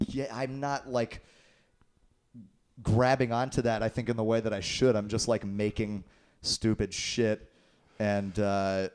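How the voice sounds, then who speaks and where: A man's voice: on the low side, little pitch movement, unhurried, long pauses, darkish tone, clear, resonant tone. A man talking as a guest in a casual interview, laid-back and swearing freely. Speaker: guest musician.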